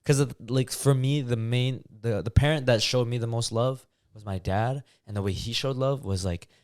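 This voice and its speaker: Recorded dry in a clean studio, this young podcast co-host speaks at a normal speed in a medium-pitched voice. The talk is laid-back and meandering, packed with fillers.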